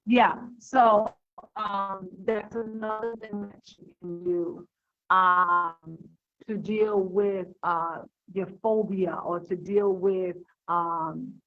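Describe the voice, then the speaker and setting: A woman's voice: mid-range voice, fairly even intonation, slow pace, muffled recording, faint music behind. A woman giving an unscripted talk on handling fear, hesitant and full of fillers and restarts, heard over an online call. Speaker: speaker on overcoming fear.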